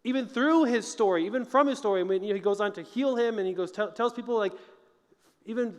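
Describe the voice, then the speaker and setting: High-voiced man speaking in a chapel. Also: fast, big-room sound. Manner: earnest, conversational, emphatic. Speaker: motivational speaker. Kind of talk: chapel talk to college students. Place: large college chapel.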